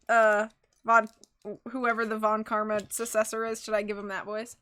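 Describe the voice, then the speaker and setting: Bright-voiced woman streamer, animated and over the top. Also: fairly high pitch, normal speed, smooth. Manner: animated, exaggerated outbursts, laughs often. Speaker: game streamer. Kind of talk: let's play commentary.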